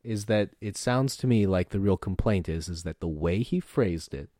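A man's voice: deep voice, lively intonation, moderate pace, mellow, no room sound. A man in casual podcast talk who asks pointed questions in a dry, wry way.

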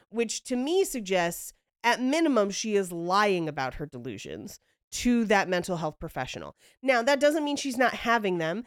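A woman's voice: medium pitch, lively intonation, a little slow, smooth, no room sound, clean studio sound. A young woman hosting a podcast, casually telling a story, acting out quotes and laughing often. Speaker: podcast host.

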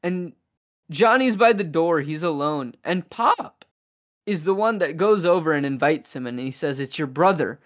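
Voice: medium pitch, lively intonation, measured pace. A podcast host in casual chat, animatedly retelling a film's plot and briefly voicing the characters' lines. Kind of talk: casual chat recapping a film.

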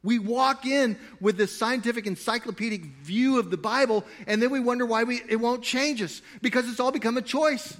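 A man preaching a sermon to a live congregation. He swings between loud, emphatic stretches and quiet asides, and he jokes with the crowd. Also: very high voice, normal speed, hardly any pauses. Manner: playful, jokey with the crowd. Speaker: pastor.

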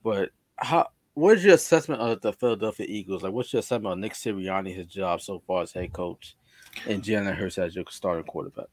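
Teasing low-voiced man, dry sound. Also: fairly quick, no echo. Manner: teasing, loose, profane. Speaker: podcast co-host. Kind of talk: casual sports chat.

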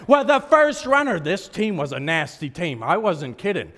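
High, bright hoarse preacher man. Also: measured pace. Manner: animated, self-mocking storyteller who laughs often. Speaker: pastor. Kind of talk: sermon storytelling. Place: church service hall. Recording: echoey hall reverb.

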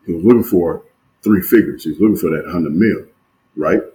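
A man with a very low voice co-hosting a casual sports podcast. He talks in slang with strong emphasis and repeats phrases to drive a point home. Faint noise sits behind his voice. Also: a little fast, mellow, low-quality recording. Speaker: podcast co-host.

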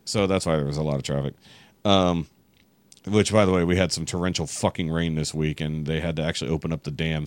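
A man's voice: low-pitched, clear, resonant tone, dry recording. A man from Texas telling a long exasperated story in casual podcast chat, swearing freely. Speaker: podcast guest.

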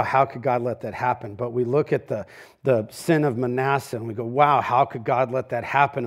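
A man preaching a sermon as pastor, conversational and animated, swinging from loud emphatic lines to hushed ones. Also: mid-range voice. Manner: conversational, with quoted asides.

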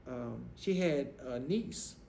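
Animated middle-aged pastor telling stories. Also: male voice, mid-range voice, takes it slowly, creaky. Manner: animated, acts out voices, casual dialect grammar. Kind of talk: storytelling in a podcast interview. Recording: roomy echo, faint noise.

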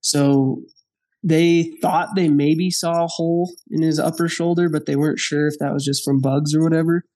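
Guy telling a hunting story, laughs a lot, acts out everybody, voice on the higher side. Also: normal speed. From Wyoming. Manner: animated, laughing, acts out dialogue. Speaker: podcast guest. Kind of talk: casual storytelling.

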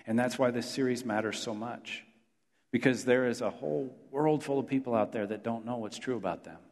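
Male pastor, mid pitch, earnest sermon delivery with swells and hushed drops, long hall echo. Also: brisk. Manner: earnest, building to emphatic declarations then dropping soft.

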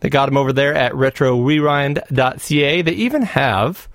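A man co-hosts a retro gaming podcast in a relaxed, conversational way. His voice is mid-pitched and sits close to the mic with no room sound. He slides easily into sponsor reads. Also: normal speed, no echo. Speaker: podcast co-host. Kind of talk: casual chat.

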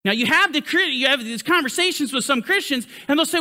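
A man teaching a Bible study sermon in an emphatic manner, his pitch swinging up and down to stress his points. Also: lively intonation, quick pace, pushed and bright.

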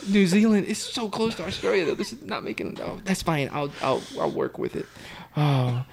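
A man's voice: sits high, expressive, moderate pace, vocal fry, slight background noise. A man calling in, eager and stammering, giggling as he asks for requests. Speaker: caller. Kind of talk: comedy sketch.

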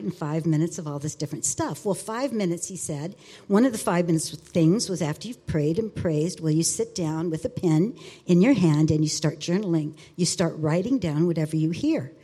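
Brief: woman, 60s, low mellow husky voice, earnest halting testimony, faint music behind. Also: expressive. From Alaska. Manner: earnest, halting with many fillers and restarts. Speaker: speaker sharing testimony. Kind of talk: personal testimony.

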